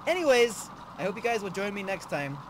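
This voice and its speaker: A young man narrates his puzzle-game playthrough in a high, wildly swinging voice, muttering low one moment and yelling the next. There is a clear hum of background noise under his home mic. He is a casual let's-play commentator rather than a polished presenter. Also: big pitch swings, fairly quick. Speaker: gamer. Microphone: desk mic with facecam.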